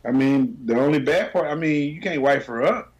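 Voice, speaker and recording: A man's voice: normal speed, dull audio, slight background noise. A man co-hosting a casual, crude podcast chat, loose and slangy, often laughing. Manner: loose, slangy, laughing, drops low then jumps high. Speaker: podcast co-host.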